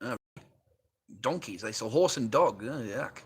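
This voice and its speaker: A man's voice: mid-range voice, expressive, unhurried, slightly rough. A middle-aged Australian man chatting casually and profanely on a phone livestream, rambling and laughing often. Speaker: livestream host. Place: garage workshop. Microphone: phone on a holder.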